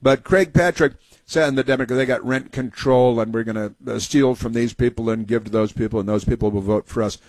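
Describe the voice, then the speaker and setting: A man hosting a talk radio show, speaking in a sarcastic, mocking way with many halting fillers. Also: medium pitch, a little mellow, no echo.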